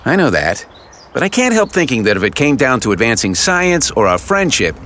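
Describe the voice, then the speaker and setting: A man's voice: mid-range voice, very animated, fairly quick, bright, forceful tone, slight background noise. Wry man narrating a detective story. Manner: wry, hard-boiled detective tone. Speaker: audiobook narrator and lead character. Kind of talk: first-person audiobook narration.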